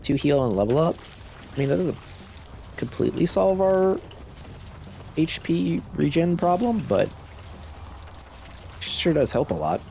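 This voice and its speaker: A man casually commenting on his gameplay, musing aloud in a low-key way while nursing a sore throat and sucking on a cough drop. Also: sing-song, unhurried, creaky, pauses often, warm tone, slight background noise. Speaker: gaming channel host. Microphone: cough drop in mouth.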